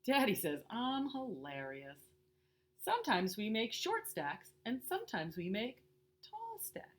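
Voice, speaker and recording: A woman reading a children's picture book aloud in a slow, lilting way. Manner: slow and lilting, lively pitch with playful character voices. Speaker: storybook reader.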